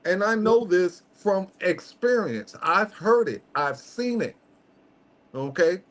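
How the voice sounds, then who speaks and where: Male host with a high voice, casual and slangy, emphatic, fond of rhetorical check-ins. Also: expressive, slow. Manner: emphatic, peppers points with "okay?"; slangy, conversational. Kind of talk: casual podcast chat.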